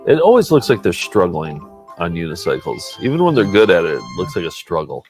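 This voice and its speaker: A man hosts a casual chat, joking and easily amused while watching old footage. His voice sits a little low but moves up and down freely. Music plays clearly behind him. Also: huge pitch swings, fairly quick, darkish tone. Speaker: show host.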